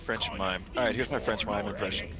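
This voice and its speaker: A man's voice: lowish voice, brisk. A man chatting casually on a developer stream, hesitant and self-deprecating, laughing between restarts. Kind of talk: casual chat.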